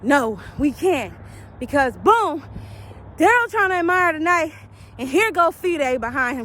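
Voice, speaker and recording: A woman talking through a casual, emotional TV episode recap, shrieking at big moments and dropping to quiet murmurs at sad ones. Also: sits high, a little slow. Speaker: TV recap vlogger. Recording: steady background traffic noise.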